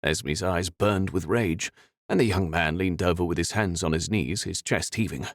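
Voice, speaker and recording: A man reading a fantasy audiobook in an expressive, dramatic way. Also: deep voice, normal speed, dry recording, clean studio sound. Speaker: audiobook narrator. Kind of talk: scripted fantasy narration.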